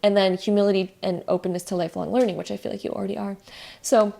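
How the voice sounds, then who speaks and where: A young woman giving a casual spiritual tarot card reading, gentle and rambling with many fillers. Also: mid-range voice, fairly even intonation, fast talker, gravelly.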